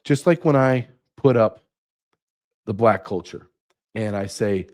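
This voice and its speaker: A man's voice: mid-range voice, animated, a little slow, pauses often, mellow. A man hosting his own show, delivering an indignant opinion monologue with sarcastic asides. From United States. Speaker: podcast host.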